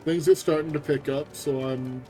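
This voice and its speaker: A man's voice: on the high side, fairly even intonation, normal speed, mellow, faint music behind. A man streaming a game, chatting casually and joking about what happens on screen. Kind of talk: casual live-stream commentary.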